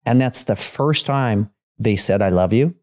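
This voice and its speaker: A middle-aged man with a lowish voice, telling a family story on a podcast. He rambles and circles back, leaning on fillers and restarting his sentences as he goes. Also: measured pace, a little mellow. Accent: Russian. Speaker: guest, father of three. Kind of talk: casual storytelling in a podcast conversation.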